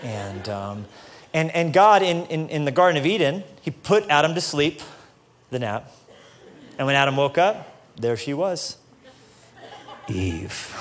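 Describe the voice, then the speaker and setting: A man preaching a casual, joking sermon to a church audience, building up to loud, passionate peaks. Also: a little high, big pitch swings, slow, pauses often. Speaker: pastor. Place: church stage before a live audience.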